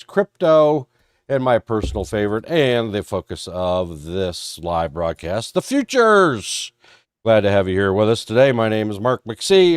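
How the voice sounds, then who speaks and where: A man's voice: on the low side, clean tone, no echo, clean studio sound. A man moderating a live trading stream, talking in a folksy, rambling way with a stuffed-up head cold. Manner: folksy, rambling, self-deprecating. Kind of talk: live-stream market talk.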